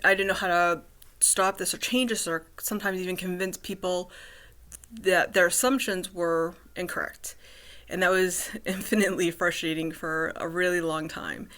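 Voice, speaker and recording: Woman vlogger in her thirties, lowish voice, stop-start cluttered delivery full of ums and restarts. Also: bright, forceful tone. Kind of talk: casual personal vlog.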